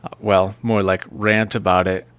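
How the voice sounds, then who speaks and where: A man's voice: on the low side, level tone, moderate pace, fairly bright tone, a little hiss or hum. A man co-hosting a film chat, explaining plots in a playful, chatty way. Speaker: podcast co-host. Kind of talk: casual chat.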